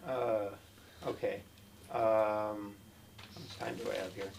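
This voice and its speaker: Middle-aged man, stand-up comic, halting self-deprecating delivery, small club, faint background noise. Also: on the low side, little pitch movement, vocal fry, a little mellow. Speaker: stand-up comic at an open mic. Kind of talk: stand-up comedy set. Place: small comedy club with audience.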